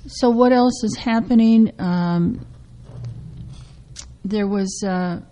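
A woman hosting a radio talk show about legal news, getting over a cough and speaking haltingly with many fillers. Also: mid-range voice, dark tone, rough recording. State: recovering from a cough. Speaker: radio host.

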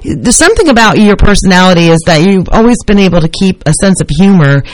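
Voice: mid-range voice, big pitch swings, fast, dry recording. A talk show host interviewing a call-in guest in a rambling, encouraging way with many fillers.

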